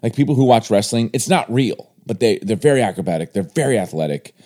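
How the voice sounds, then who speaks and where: A man's voice: lowish voice, animated, quick pace, warm tone. A young American man hosting a casual chat show, rambling and teasing his guests, laughing often. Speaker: podcast host.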